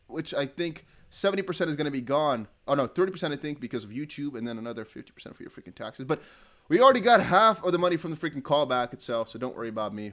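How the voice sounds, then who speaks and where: A man's voice: mid-range voice, very animated, quick pace, bright, forceful tone. A young man from the Netherlands hosting a casual crypto livestream, reading out donations in a rambling, laughing way. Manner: chatty, laughing, rambling with restarts.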